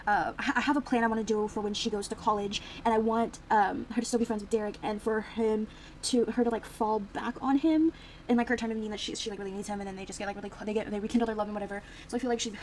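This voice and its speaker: A woman's voice: medium pitch, fairly even intonation, quick pace, slight background noise, poor audio. A young woman casually commenting on her life-sim gameplay, chatty and reacting aloud as she plays, with lots of fillers. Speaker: Sims gameplay streamer.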